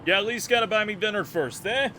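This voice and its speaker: A man's voice: high voice, quick pace, noisy background. A young man casually commenting and joking while playing a game, exclaiming and humming as he goes.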